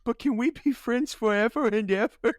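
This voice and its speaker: A man voicing a crude, childlike male teddy bear in a high, pleading voice. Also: normal speed, no room sound, clean studio sound.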